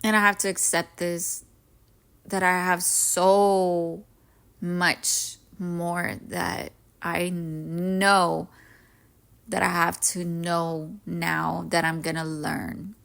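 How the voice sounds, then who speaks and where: A woman's voice: lowish voice, little pitch movement, extremely slow, vocal fry, fairly bright tone. A woman in her thirties hosting a solo podcast, talking earnestly and emotionally about self-growth and encouraging her listeners. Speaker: podcast host. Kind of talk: reflective solo podcast talk.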